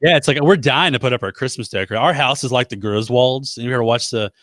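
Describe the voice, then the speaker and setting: A man's voice: mid-range voice, fast talker, fairly bright tone, dry recording. Chatty man hosting a live show. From United States. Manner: chatty, rambling, self-deprecating jokes. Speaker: host. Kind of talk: casual live-stream chat.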